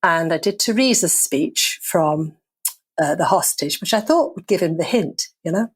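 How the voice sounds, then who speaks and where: An older woman from London, a guest actor and playwright telling stories in a relaxed interview, wry and self-mocking, often laughing. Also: on the low side, normal speed, breathy edge. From London, England. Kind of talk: casual interview storytelling.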